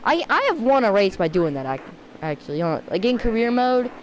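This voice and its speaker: Rambling, excitable woman gamer. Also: a little high, brisk, noisy background. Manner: excitable, rambling, self-mocking, sudden outbursts. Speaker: gaming video creator. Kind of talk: rambling let's-play commentary.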